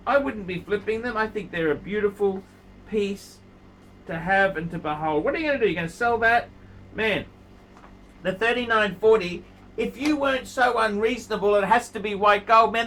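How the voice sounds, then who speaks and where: A man's voice: high-pitched, pushed and bright, poor audio. Blunt, scolding male watch reviewer. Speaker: watch reviewer and channel host. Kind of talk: casual video review monologue.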